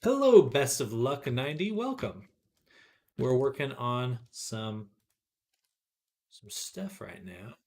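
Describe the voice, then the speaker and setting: A relaxed man talking casually on a livestream as he works, reading viewer messages aloud and chuckling along. His pitch swings up and down in a lively way, but he takes his time between phrases. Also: slow pace, long pauses. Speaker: 3D artist streaming avatar work. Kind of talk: casual livestream chat while working.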